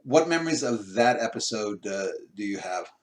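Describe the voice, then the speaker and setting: A man's voice: fairly low pitch, expressive, moderate pace. Rambling male interviewer on a video call. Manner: rambling questions full of restarts and fillers. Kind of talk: casual remote interview.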